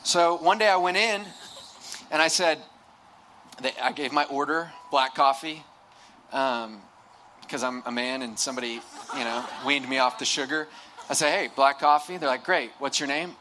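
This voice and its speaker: A man's voice: mid-range voice, normal speed, pushed and bright, slight background noise. A young man speaking to a live audience, telling a humorous, self-deprecating story in a sermon, with many restarts and asides. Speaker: campus ministry speaker.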